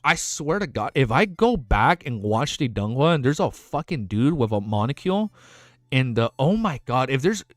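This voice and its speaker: Excitable young man streaming, overstimulated. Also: mid-range voice, normal speed, no room sound, clean studio sound. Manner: animated, rambling, swears, laughs often, talks to chat. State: overexcited and lightheaded. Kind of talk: excited casual livestream chat.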